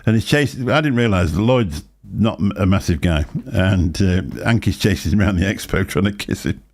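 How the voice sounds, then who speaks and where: This is an older man with a fairly low voice. He hosts a relaxed livestream chat and rambles through anecdotes. He laughs often between lines. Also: a little fast. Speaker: show host.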